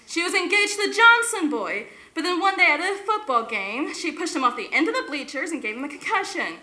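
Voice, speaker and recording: A woman playing a chatty, gossipy office secretary in a stage musical, lively in manner, recorded in an echoey hall with faint noise. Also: very high-pitched, a little fast, heavily acted. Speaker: stage actor. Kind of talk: amateur stage musical acting.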